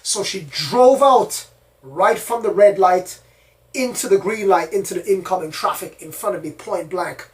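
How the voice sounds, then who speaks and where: A man's voice: sits high, measured pace. A man hosting his own channel, telling a story in the first person in a rambling, repetitive way. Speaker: channel host. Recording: distant mic, faint background noise.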